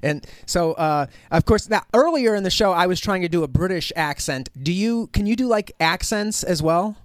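Chatty high-voiced radio host man. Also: animated, normal speed, no echo, studio quality. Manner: chatty, informal. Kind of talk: casual radio interview. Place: radio studio.

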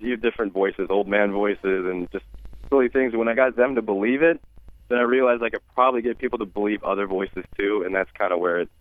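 A man's voice: fairly low pitch, steady tone, no room sound. Easygoing man on a tinny phone line. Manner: easygoing, halting, with restarts. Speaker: guest impressionist. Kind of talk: casual radio interview.

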